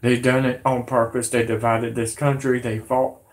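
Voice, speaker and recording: A man with a hoarse, sick voice, rambling to his viewers in an agitated, pleading, repetitive way. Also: mid-range voice, level tone, normal speed. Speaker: conspiracy vlogger. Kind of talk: rambling monologue to camera.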